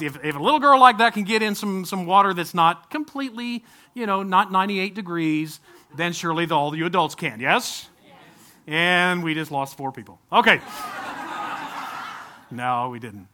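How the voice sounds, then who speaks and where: A man preaching an informal sermon at a baptism service, talking conversationally, with frequent restarts and sudden bursts of excitement. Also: high-pitched. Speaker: pastor.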